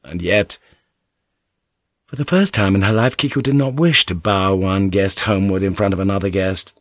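A man reading a historical novel aloud as an audiobook narrator, in a measured, wry manner. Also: low-pitched, no echo. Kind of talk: scripted narration.

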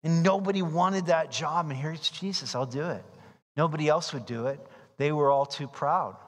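A man preaching a verse-by-verse sermon, animated, acting out voices and shouting for emphasis. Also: fairly high pitch, moderate pace. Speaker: pastor. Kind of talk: expository sermon. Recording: long reverb of a large hall.

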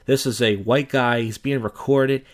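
A man's voice: mid-range voice, fairly even intonation, measured pace. A man hosting a reaction video, giving crude, sarcastic commentary. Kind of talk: casual commentary.

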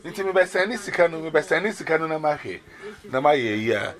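A Ghanaian man tells his personal testimony briskly over a video call. His storytelling is lively, and his pitch bounces up and down.

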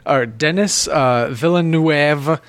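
A man's voice: a little high, takes it slowly, fairly bright tone, clean tone. A man co-hosting a film chat, explaining plots in a playful, chatty way. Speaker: podcast co-host. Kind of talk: casual chat.

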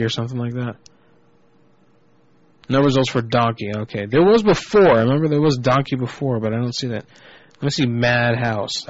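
A man hosting a live prank call show, talking casually with frequent swearing and rambling asides. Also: mid-range voice. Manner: profane, rambling, off-the-cuff. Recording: muffled lo-fi internet radio.

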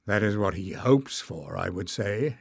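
A man voicing a grim, stern warrior who speaks slowly and dryly. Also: fairly low pitch, animated, gravelly, breathy edge, no echo, full character voice. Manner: grim, slow, dry.

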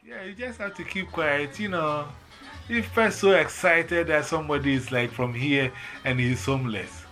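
A man's voice: on the high side, normal speed, soft background music. A man with a Ghanaian accent telling a bus story in casual chat, acting out the voices he quotes. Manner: animated, acts out quoted voices. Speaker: storyteller in conversation.

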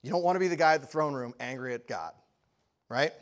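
A man preaching a sermon, telling a story with lively energy and often asking the audience questions. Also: medium pitch, quick pace.

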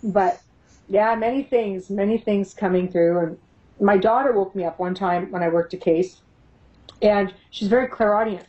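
With a medium-pitched, slightly mellow voice at a moderate pace, a middle-aged woman casually recounts her paranormal investigation work in an interview. She's animated, laughs frequently and imitates the voices she quotes, and the recording has its highs cut off.

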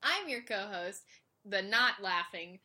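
A woman co-hosting a casual podcast about animation, teasing and joking in a playful, deadpan way. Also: mid-range voice, takes it slowly, a crowd in the background. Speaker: podcast co-host.

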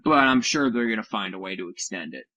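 A man's voice: lowish voice, expressive, fast talker, pushed and bright, no room sound, dull audio. Man, casual podcast co-host, mocking and sarcastic, dead-dry computer mic. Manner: sarcastic, mocking with silly put-on voices, swears. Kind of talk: casual chat over a call. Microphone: computer mic on a voice call.

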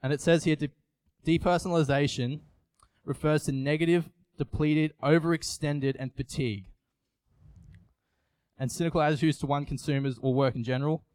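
A man's voice: a little high, fairly even intonation, moderate pace, a little mellow, smooth, no echo. A young man, giving an earnest, confessional sermon with frequent restarts. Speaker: youth preacher. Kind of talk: personal sermon.

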